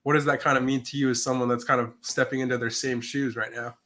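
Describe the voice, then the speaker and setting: Man, sports interviewer, tense bright tone, friendly conversational questions. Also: medium pitch, little pitch movement, quick pace.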